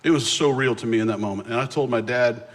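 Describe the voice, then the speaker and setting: Middle-aged man, guest preacher, storytelling sermon, lively self-mocking delivery, mid-range voice. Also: medium pitch. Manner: animated, self-mocking storytelling with quick restarts. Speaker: guest speaker.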